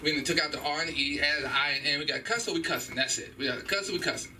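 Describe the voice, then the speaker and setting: Middle-aged guy doing standup in a small club, highish bright voice, loud and animated, mic kinda far off. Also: racing, a little hiss or hum. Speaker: stand-up comedian at an open mic. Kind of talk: stand-up comedy set.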